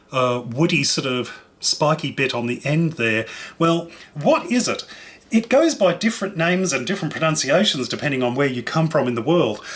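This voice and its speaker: A man with a slightly high voice hosts a relaxed cooking demonstration. He talks in a friendly, chatty way, enthusiastically describing flavours and textures as he tastes. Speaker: cooking show host. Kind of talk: casual food demonstration.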